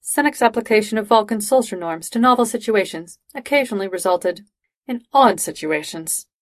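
A woman reading fan fiction aloud in steady, even narration. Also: mid-range voice, normal speed, no room sound. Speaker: reader.

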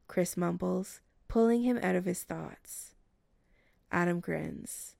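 A woman narrating a romance story as an audiobook reading, slow and even. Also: on the low side, vocal fry, no room sound.

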